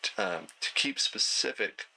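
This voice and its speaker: A man teaching an online night class in a relaxed, conversational way, with plenty of fillers and throat clearing. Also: on the low side, a little slow, poor audio. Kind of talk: casual lecture.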